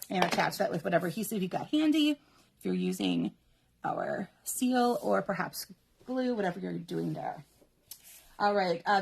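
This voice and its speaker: A woman's voice: medium pitch, vocal fry, slight background noise. A woman hosting a live card-making demonstration, chatty and instructional, laughing often as she talks viewers through each step. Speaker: papercraft host.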